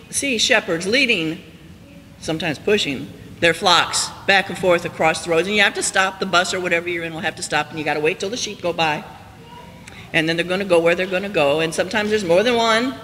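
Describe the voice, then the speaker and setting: A male pastor preaching a storytelling sermon, climbing high and loud for emphasis and then dropping soft and slow. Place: church sanctuary. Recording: church hall reverb, faint hiss.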